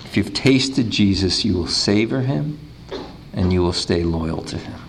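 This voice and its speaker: A man preaching a sermon, telling a story with emphatic pauses, then leading a prayer. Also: low voice, lively intonation, slight background noise.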